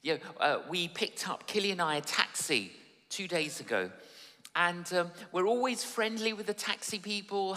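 A man's voice: high-pitched, animated, normal speed, pushed and bright, in a large hall. A man preaching a sermon at a church service, emphatic and repeating his phrases for effect.

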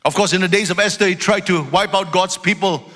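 A male pastor preaching an emphatic sermon in a church, loud at times and dropping into storytelling asides. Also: a little fast, soft background music. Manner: emphatic, loud, swings between shouting and low storytelling asides. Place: church sanctuary. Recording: long reverb of a large hall.

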